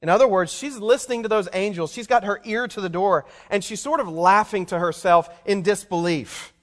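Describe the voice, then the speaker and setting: Speaking a little fast in a high-pitched voice, this pastor keeps his sermon conversational. He asks the listeners questions while he explains scripture, and the hall reverb rings long.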